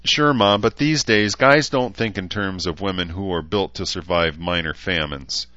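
A man's voice: low voice, normal speed, bright, forceful tone, no room sound, dull audio, pitched above the performer's own voice. A man voicing a sulky, defiant teenage girl who talks back hotly.

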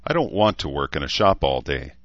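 A man's voice: extremely low pitch, big pitch swings, fairly quick, a bit bright, no echo, exaggerated voice. Terse grumbling young man, from a male reader, blunt lines, muffled dry read.

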